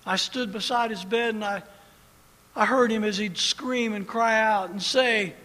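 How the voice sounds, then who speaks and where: High, bright-voiced male preacher in a reverberant hall. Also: steady tone, a little slow. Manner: swings between hushed storytelling and loud preaching. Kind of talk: impassioned sermon.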